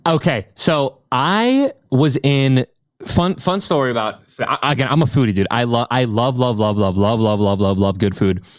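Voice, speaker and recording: A man hosting a podcast in casual chat, excitable and slangy, swearing freely as he tells stories from home. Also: mid-range voice, moderate pace, no room sound, clean studio sound. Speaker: podcast host.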